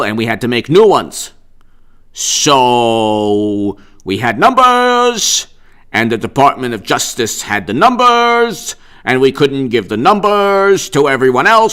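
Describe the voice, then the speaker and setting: A man putting on a mocking impression of a pompous middle-aged governor who preaches slowly, stressing the last word and pausing for drama. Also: a little high, pushed and bright, clear, resonant tone, heavily acted.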